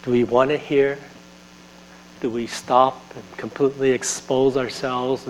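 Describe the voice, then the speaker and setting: A man preaching a sermon in an earnest, conversational way, repeating phrases and dropping to a soft hush on tender lines. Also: mid-range voice, flat delivery, a little slow, slight background noise, poor audio. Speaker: pastor.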